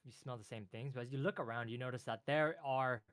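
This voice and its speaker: A man runs a tabletop game, narrating scenes in a loose, easygoing way. His voice is mid-pitched and dry, recorded close with little room sound. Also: quick pace, dry recording. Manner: relaxed, loose narration with filler words. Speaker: game master.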